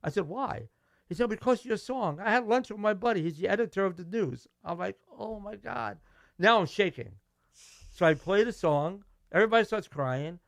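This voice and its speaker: Middle-aged brooklyn guy spinning stories, a bit high voiced, dry close sound. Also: moderate pace, gravelly, dry recording. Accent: Brooklyn New York. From Brooklyn, New York. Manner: animated, acts out quoted dialogue, restarts. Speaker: guest musician. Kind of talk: casual storytelling interview.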